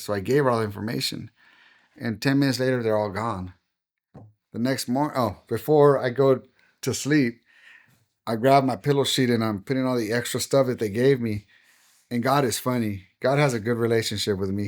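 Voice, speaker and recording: A man's voice: mid-range voice, fairly quick. Middle-aged pastor guy telling his story on a podcast, acts out the back and forth, plain mid voice. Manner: animated storyteller acting out quoted dialogue. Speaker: pastor and guest.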